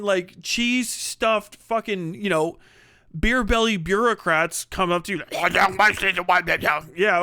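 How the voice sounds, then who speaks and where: A man's voice: sits high, bright, forceful tone, clear, resonant tone, no room sound, studio quality. A middle-aged man live streaming, reading donations in casual chat, profane and rambling. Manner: profane, rambling, laughs often.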